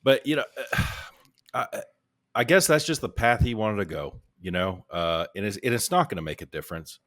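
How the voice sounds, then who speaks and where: A man's voice: fairly low pitch, expressive, normal speed, a bit bright. A man on a casual podcast, talking in a weary, resigned way. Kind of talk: casual chat.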